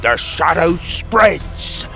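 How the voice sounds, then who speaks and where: A man's voice: fairly low pitch, animated, gravelly, music in the background. A man voicing a sinister male toad warlord who speaks in a cold, commanding, snarling way, in a storybook reading. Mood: triumphant. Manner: snarling, menacing, slow.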